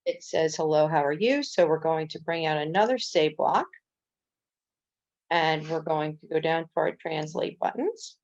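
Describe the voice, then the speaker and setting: A woman with a low, gravelly voice explains a coding tutorial step by step, dropping in casual "um"s as she goes. The recording is dull and lo-fi. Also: lively intonation, normal speed, darkish tone. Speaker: coding instructor.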